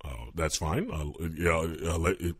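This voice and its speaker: A man hosting a comedy call-in radio show, calm and hesitant, with many pauses and fillers. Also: a bass voice, breathy edge, dry recording, studio quality.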